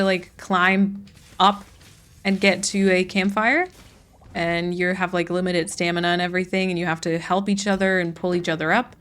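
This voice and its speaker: A woman with a mid-range, fairly bright voice hosts a casual gaming stream of a farming game. Chatty throughout, she reads and answers chat while playing.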